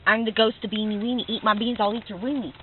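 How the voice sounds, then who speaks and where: A woman voicing a hotel ghost in a quiet, hushed delivery, heard in a joke she tells. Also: medium pitch, fairly even intonation, fast, slight background noise, lightly acted. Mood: spooky. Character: spooky hotel ghost, small voice. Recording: tinny phone-like sound.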